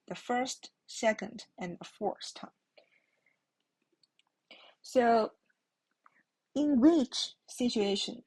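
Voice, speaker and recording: A woman's voice: mid-range voice, a little mellow, slightly rough, low-quality recording. A woman with a Chinese accent teaching a language lesson, patiently repeating words for learners. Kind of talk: slow classroom lesson.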